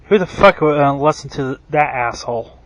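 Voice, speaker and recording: A man's voice: mid-range voice, normal speed, a bit bright, no echo, low-quality recording. A man ranting in a rambling, profane monologue, full of fillers and restarts, who says his own voice is bad. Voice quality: self-described bad voice. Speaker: wrestling commentary vlogger.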